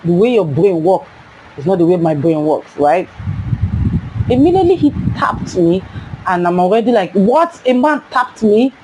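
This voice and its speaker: A young woman with a Nigerian accent tells a personal story in a casual, lively way. Her voice jumps up high when she acts out her younger self. Faint background noise sits behind her. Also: normal speed, pauses often, low-quality recording.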